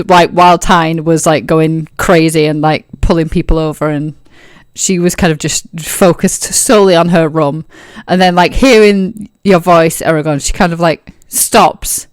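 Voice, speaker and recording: A woman narrates a tabletop game as game master, chatty and casual, full of filler words. Her voice sits low for a woman. The sound is dry and close. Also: no echo.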